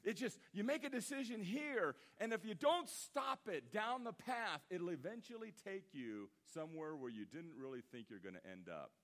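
A man in his fifties preaching a sermon as pastor, telling a story in an animated way that swings from loud, emphatic bursts to hushed asides. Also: high voice, moderate pace, hardly any pauses. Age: 50s.

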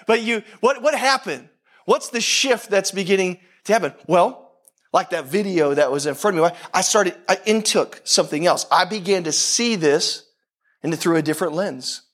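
A man preaching a casual, conversational sermon, tossing in "right?" asides, restarting phrases and swinging between quick bursts and slow emphasis. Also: sits high. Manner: animated, talks to the crowd with frequent "right?" asides; self-deprecating, repeats and restarts phrases. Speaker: pastor.

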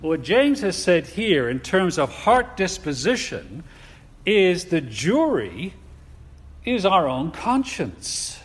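A man preaching with slow, deliberate emphasis in a fairly high voice. He leans on his words and asks rhetorical questions. The sound rings with a long hall reverb. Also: sing-song, breathy edge. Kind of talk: sermon.

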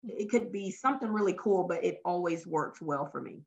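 A woman's voice: lowish voice, moderate pace, gravelly, dull audio. A woman from Louisiana with a Southern US accent, telling stories in a casual interview as a workshop facilitator. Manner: lively storyteller, acts out her workshop lines. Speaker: guest, talent development facilitator.

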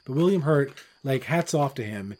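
Blunt, profane man with a dark voice. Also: medium pitch, animated, normal speed. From Newfoundland, Canada. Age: middle-aged. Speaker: podcast co-host. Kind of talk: casual chat.

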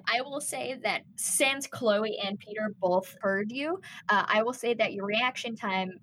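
A woman's voice: medium pitch, a little hiss or hum, poor audio. Woman narrating as game master. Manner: relaxed, descriptive, with frequent fillers.

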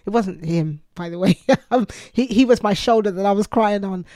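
A woman's voice: mid-range voice, normal speed, warm tone, no echo, clean studio sound. A woman co-hosting a Christian podcast, earnestly telling personal stories and quoting her own prayers. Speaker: podcast co-host.

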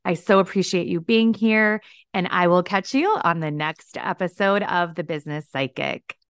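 A woman's voice: fairly low pitch, normal speed, smooth, no room sound. A middle-aged woman hosting her own podcast, talking earnestly and gushing with thanks to her listeners, clients and helpers, speaking close to the mic. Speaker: podcast host, business psychic. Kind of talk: heartfelt solo podcast talk.

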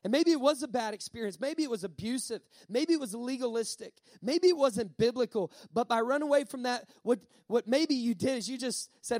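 A male pastor preaching a sermon, emphatic, repeating key lines and slowing down on words for effect. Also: very high voice, darkish tone, dry recording.

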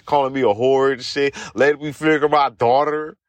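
A young man hosting a solo podcast, rambling and cursing through a comedic recap, often laughing and jumping into high squeals. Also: steady tone, moderate pace, no room sound. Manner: rambling, profane, swings into high-pitched squeals and shouts while retelling scenes; laughs often mid-sentence. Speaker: podcast host.

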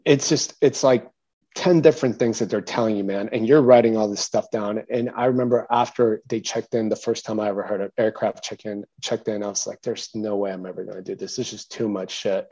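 Guy telling an old war story in an interview, mellow voice, lots of "you know" and restarts, kinda dull lo-fi sound. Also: mid-range voice, fairly quick. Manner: animated, many fillers and restarts, quotes others in a raised voice. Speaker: interview guest, military veteran. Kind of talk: casual storytelling.

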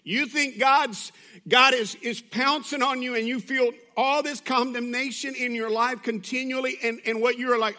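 A male pastor preaching a sermon in a conversational way, moving from hushed, intimate passages to loud, urgent appeals. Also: very high-pitched, steady tone, normal speed. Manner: conversational, with restarts and asides.

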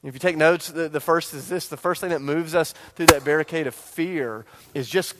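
Male pastor, higher register, lively storyteller who builds to emphatic bursts in a church sermon. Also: brisk, few pauses. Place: church sanctuary.

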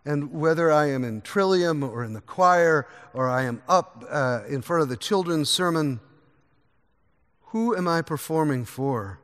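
A man preaching a sermon from the pulpit, earnest and varied, quieter during prayer. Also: on the high side, expressive, a little slow, smooth. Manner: earnest, varies pace, drops to a soft voice in prayer. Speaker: pastor. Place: church sanctuary. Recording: long echo of a large church hall.

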